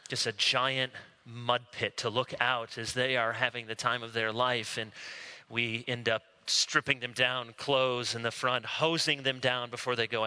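An American man preaching from the pulpit in a very bright, ringing voice that sits a little above the usual for a man. He tells his stories in a loose, conversational way and leans on dramatic pauses to land each point. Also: fairly high pitch, clean tone. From United States. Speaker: pastor. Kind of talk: sermon.

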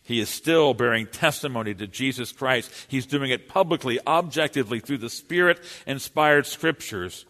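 A man's voice: mid-range voice, moderate pace, few pauses, pushed and bright. A man preaching a sermon in an earnest, emphatic way, his voice rising and falling for emphasis. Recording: long hall reverb.

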